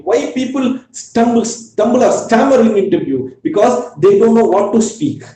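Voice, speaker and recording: A man with a Tamil-influenced Indian English accent, giving an earnest career lecture in a webinar, repeating key points and pausing on fillers. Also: extremely high pitch, warm tone, reverberant, low-quality recording. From Tamil Nadu, India. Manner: earnest, repetitive, frequent fillers. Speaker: webinar speaker.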